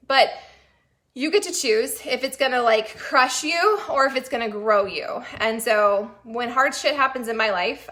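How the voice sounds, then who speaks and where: A young woman talks straight to her viewers in an upbeat, chatty motivational vlog. Her voice sits high and sounds bright and forward. She throws in casual swearing as she talks. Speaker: vlogger.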